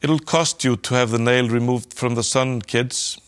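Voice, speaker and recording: A man voicing a smooth-talking, greedy male space trader in a storybook reading, with a sly, wheedling patter. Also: medium pitch, steady tone, normal speed, fairly bright tone, lightly acted. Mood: smug.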